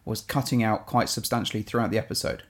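A man's voice: on the low side, flat delivery, fast talker. A man from England with an English accent, co-hosting a casual podcast in a playful, jokey way that sometimes bursts into silly voices. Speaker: podcast co-host.

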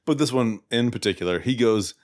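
Profane excitable man discussing a movie. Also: mid-range voice, fairly quick. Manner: profane, excitable, quotes scenes in raised voices. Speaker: podcast co-host.

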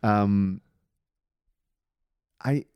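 A man's voice: fairly low pitch, drawn-out words, clean tone, no echo, highs cut off. A man co-hosting a podcast in casual chat, blunt and swearing, laughing often. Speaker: podcast co-host.

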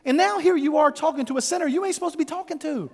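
A man's voice: high voice, huge pitch swings, brisk, husky, long reverb tail, heavily acted. A man voicing a group of nervous, embarrassed male disciples who fuss and plead in an anxious, whiny way. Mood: fretful.

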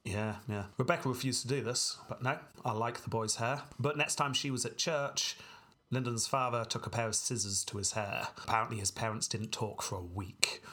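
Husky man telling history with dry wit. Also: mid-range voice, fairly even intonation, moderate pace, bright, forceful tone. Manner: dry and wry, laughs often, tangents. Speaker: podcast co-host narrating history. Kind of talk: casual storytelling chat.

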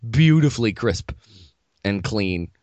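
A man's voice: lowish voice, animated, slow pace, a little mellow, no room sound, dull audio. A man chatting casually and sarcastically about movies, laughing often.

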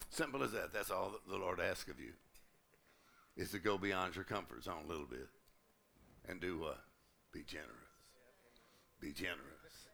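A man preaching to a church conference crowd in a low, gravelly voice with a tense, bright edge. He keeps it humorous and lively, slipping into little acted-out exchanges as he goes. The delivery is full sermon style, built to carry a room. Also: moderate pace, pauses often. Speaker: pastor.

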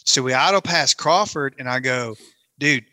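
A man's voice: medium pitch, moderate pace, bright, forceful tone, no room sound. A man, telling a long self-mocking story in casual chat and acting out his own lines. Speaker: camera operator telling a story.

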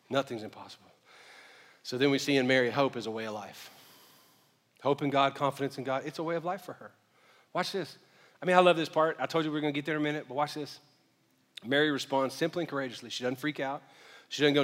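A male pastor preaching a sermon, moving from quiet storytelling to shouted calls to the congregation. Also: mid-range voice, brisk, long pauses, big-room sound.

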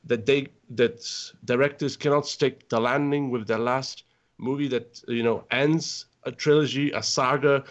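A man's voice: medium pitch, steady tone, measured pace, dull audio. A man on a podcast panel, gushing and rambling with lots of filler words in casual chat.

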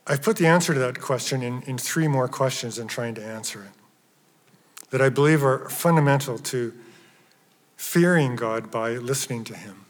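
A man's voice: medium pitch, normal speed. Man preaching in a reverberant hall. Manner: emphatic, swings from loud stresses to hushed near-whispers. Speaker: pastor. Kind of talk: sermon.

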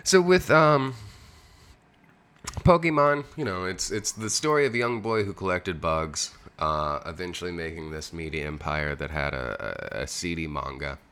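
A young man with a very deep voice talks on a casual podcast. His pitch swings widely as he riffs, loose and jokey. He swears without a second thought. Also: animated, moderate pace, fairly bright tone, clean tone. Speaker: podcast co-host. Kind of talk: casual chat.

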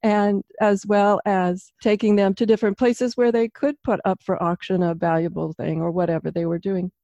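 A woman sharing anecdotes in a thoughtful, measured way during a conversation. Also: medium pitch, little pitch movement, dark tone, no room sound, highs cut off. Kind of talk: casual conversation.

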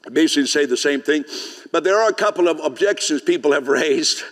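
A man's voice: on the high side, animated, quick pace, big-room sound. A man preaching a sermon as pastor, speaking conversationally, often asking the congregation questions and laughing. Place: church sanctuary.

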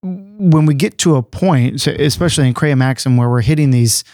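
A man's voice: mid-range voice, moderate pace, a little mellow, dry recording. Man, podcast panelist, medium voice, dry studio mic; easygoing explainer who restarts his sentences. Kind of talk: casual panel discussion.

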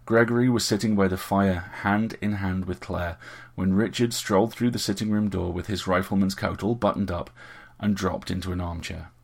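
Deep gravelly guy reading an audiobook, kinda husky, steady pace. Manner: steady, measured storytelling. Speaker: narrator. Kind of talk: audiobook narration.

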